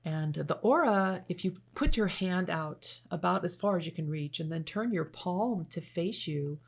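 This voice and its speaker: A woman with a low, gravelly voice leads a guided meditation. She gives instructions slowly and gently, pausing between steps, with a rough, creaky edge on her words. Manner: slow, gentle spoken instructions. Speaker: meditation leader.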